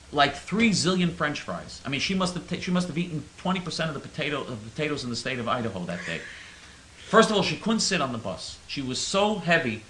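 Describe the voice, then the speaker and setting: A man hosting a satirical monologue in a sarcastic, rambling way, stammering through his points. His voice is very bright and lively in pitch. The sound carries some room echo. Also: a little hiss or hum. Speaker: host.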